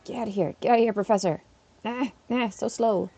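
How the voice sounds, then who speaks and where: Chatty woman with gravelly fry. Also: on the high side, brisk, warm tone. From Canada. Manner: chatty, laughs often, talks back to chat. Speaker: streamer and schoolteacher. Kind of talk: casual live-stream chat while playing.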